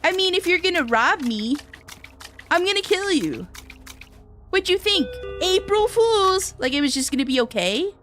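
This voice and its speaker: A woman with a bright, high voice that leaps up and down as she streams a horror game. She reacts loudly and swears freely, tossing quick thanks to her viewers, while soft music plays behind her. Her pitch swings widely from line to line. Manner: loud animated reactions, frequent swearing; chatty, thanks viewers in passing. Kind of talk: live gameplay commentary.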